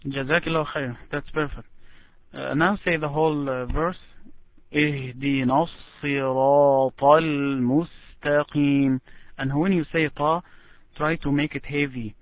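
A man teaching Quran recitation one-on-one, patient and slow, demonstrating each word drawn out, over an online call. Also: a little high, fairly even intonation, no echo. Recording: tinny phone-like line.

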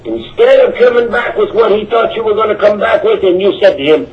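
A high-voiced man preaches emphatically, repeating his points as he answers questions about his faith. The recording sounds dull and lo-fi. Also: brisk, a little hiss or hum. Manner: emphatic, repetitive, animated. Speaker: Islamic preacher. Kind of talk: religious talk answering questions. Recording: dull lo-fi audio.

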